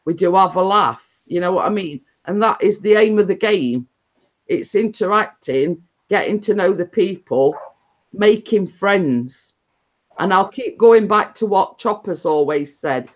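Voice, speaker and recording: A woman's voice: mid-range voice, expressive, a little slow. A woman hosting a casual live stream, talking in a rambling, chatty way with many fillers and restarts. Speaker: livestream host.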